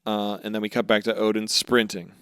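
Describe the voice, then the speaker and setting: A young man co-hosting a podcast, casually recapping anime episodes with lots of swearing and quick character voices. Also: lowish voice, little pitch movement, fairly bright tone, clean tone, dry recording, studio quality. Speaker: podcast co-host.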